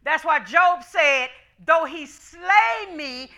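Woman pastor preaching hard, high bright voice, black speech, shouts a lot. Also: expressive, slow pace. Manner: shouting, call-and-response preaching. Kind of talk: sermon.

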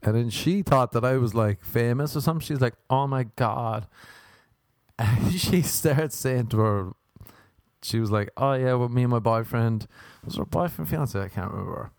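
A young Irish man telling a rambling, animated story. He laughs and jumps up in pitch for emphasis. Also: moderate pace, creaky, no echo, clean studio sound. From Ireland. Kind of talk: casual storytelling monologue.

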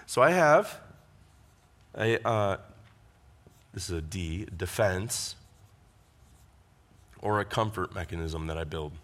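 A man's voice: low voice, lively intonation, slow, pauses often, a bit bright. A man preaching a conversational sermon, with asides to the congregation. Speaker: pastor.

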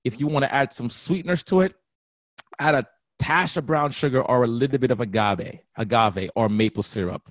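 A man, a guest personal trainer on a radio interview, talking in an animated, laugh-prone way. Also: mid-range voice, a little fast, no echo. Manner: animated, laughs often, slips into playful voices.

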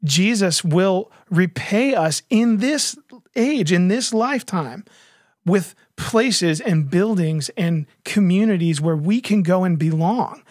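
A man's voice: high-pitched, no echo, clean studio sound. A man talking earnestly in a casual faith discussion, retelling a story with lots of fillers and restarts.

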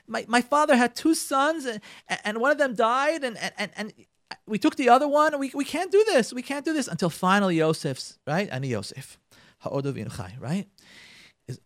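Man, radio Torah speaker, high and lively, dramatic retelling to the audience, dry close mic. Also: moderate pace, no echo. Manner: dramatic storyteller, addresses "ladies and gentlemen", acts out dialogue; repeats and restarts phrases for emphasis. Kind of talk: animated Torah talk.

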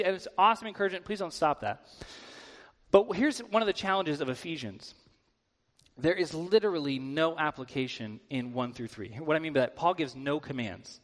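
A man's voice: high-pitched, fairly quick, a bit bright. A man giving a sermon as a guest preacher in a church, talking in a conversational way with casual filler words. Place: church sanctuary. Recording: long hall reverb.

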